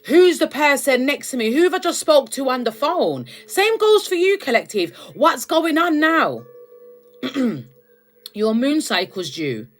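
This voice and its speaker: A young woman, her voice sitting a little high, talks straight to her viewers in a loose spiritual rant. She is chatty and emphatic and keeps calling them babes. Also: big pitch swings, a little slow. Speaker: spiritual content creator. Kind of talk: casual spiritual rant to camera.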